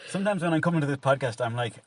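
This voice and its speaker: Irish man, very fast, lively pitch, joking, far from mic, loud background noise. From Ireland. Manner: quick, jokey, swears casually. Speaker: podcast co-host, comedian. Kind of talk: casual chat.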